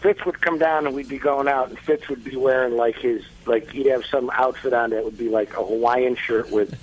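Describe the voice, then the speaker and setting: A man's voice: mid-range voice, fairly even intonation, normal speed, dull audio. A man, an actor guest, chatting casually on a podcast and telling stories with many restarts. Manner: storytelling, chatty, restarts often.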